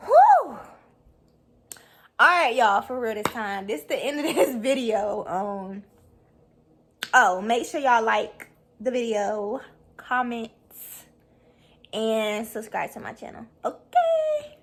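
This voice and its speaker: A woman's voice: on the high side, slow. A woman reacting to a talk show clip on her vlog, heated and profane, breaking into laughter. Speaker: YouTube reaction vlogger. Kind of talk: casual reaction commentary.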